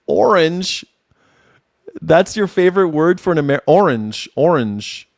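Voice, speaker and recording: A man's voice: fairly high pitch, lively intonation, normal speed, darkish tone, no echo, studio quality. A man in his forties hosting a casual livestream, rambling commentary that trails off, repeats words and laughs often. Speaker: independent news and culture commentator.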